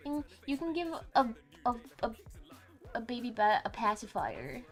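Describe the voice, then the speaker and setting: A young woman streaming a video game, gushing and excitable, swearing freely as she talks. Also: a little high, moderate pace. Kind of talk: gaming livestream commentary. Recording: faint game music behind.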